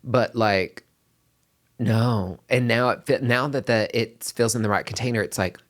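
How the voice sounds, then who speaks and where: A male podcast host in casual chat, emotional and excitable, breaking into high exclamations and trailing restarts. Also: unhurried.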